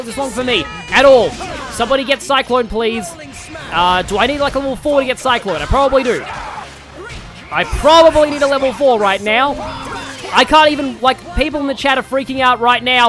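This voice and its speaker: A man from Australia putting on a broad Australian accent while excitedly commenting on a video game as a streamer. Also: very high voice. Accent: put-on broad Australian. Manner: rambling and excitable, shouting at the game. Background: game music.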